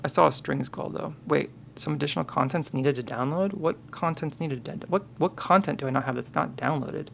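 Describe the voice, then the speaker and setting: A man's voice: a little high, brisk, creaky, hardly any pauses, a bit bright, slight background noise. A man on a live stream, thinking aloud and muttering to himself, counting and correcting himself as he works.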